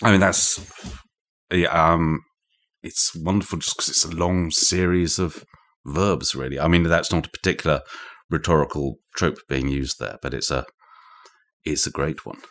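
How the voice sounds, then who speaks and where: Brief: British male author, very low voice, musing guest with many restarts, talking across a room. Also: steady tone, moderate pace, a bit bright. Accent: British English. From Britain. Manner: thoughtful, digressive, frequent restarts. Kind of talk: conversational explanation. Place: indoor room shared with the host.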